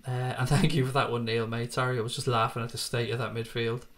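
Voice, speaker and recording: A man's voice: medium pitch, flat delivery, fast talker, fairly bright tone. A man hosting a casual football live stream, reading out viewer comments and answering them in a chatty way, swearing freely and laughing things off.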